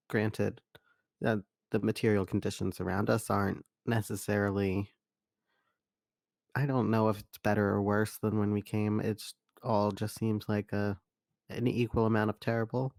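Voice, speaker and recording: A man's voice: on the low side, level tone, normal speed, gravelly, a little mellow, dry recording, studio quality. A man playing his character in a tabletop game, earnest and hesitant, often restarting sentences. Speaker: player. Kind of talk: in-character tabletop role-play.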